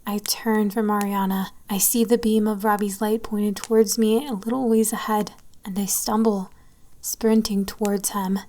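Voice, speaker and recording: Woman reading horror in hushed whispers. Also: medium pitch, level tone, normal speed. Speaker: story reader. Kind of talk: horror story narration.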